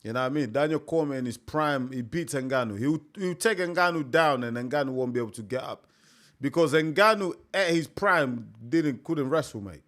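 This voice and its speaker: A man's voice: medium pitch, normal speed, a bit bright. A young man hosting a live stream, chatting casually and repeating himself, calling his listeners mate. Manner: chatty, repetitive, peppers talk with "mate".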